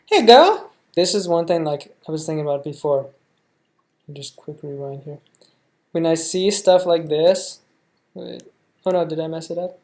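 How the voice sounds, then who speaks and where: A man's voice: on the high side, little pitch movement, moderate pace, long pauses, mellow. Rambling young American man reacting. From United States. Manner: rambling, thinks aloud with many fillers and restarts. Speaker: reaction video host. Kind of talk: casual reaction commentary.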